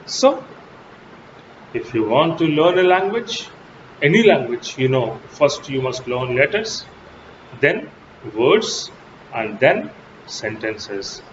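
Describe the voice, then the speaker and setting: Slow, emphatic male lecturer. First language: Telugu. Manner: slow, emphatic teaching with sharp pitch jumps on key words. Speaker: English lecturer. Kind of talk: recorded college lecture. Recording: dull lo-fi audio with steady background noise.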